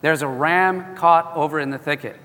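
A commanding angel, as a preacher cries it out, calls loud and urgent from on high. The voice is high, bright and forceful, with a long hall reverb trailing behind it. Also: male voice, normal speed. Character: commanding angel calling from heaven.

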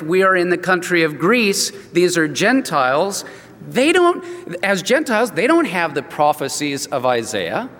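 An older man preaches a sermon as a pastor, talking in a relaxed, conversational way and acting out the people in his stories. His voice sits a little high for a man. It carries with a long reverb from a large hall. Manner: conversational, acts out quoted dialogue. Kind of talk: expository sermon with storytelling.

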